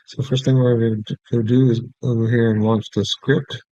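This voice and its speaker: A man teaching audio production, explaining each step in a relaxed way and checking in with "okay". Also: mid-range voice, a little fast, dry recording. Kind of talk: screen-recorded software tutorial. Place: small room at his desk. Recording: dry, dull lo-fi recording.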